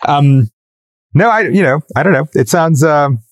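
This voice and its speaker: A man's voice: fairly high pitch, normal speed, no room sound. Careful, explanatory male co-host. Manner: careful, explanatory, self-deprecating. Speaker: podcast co-host. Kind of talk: casual chat.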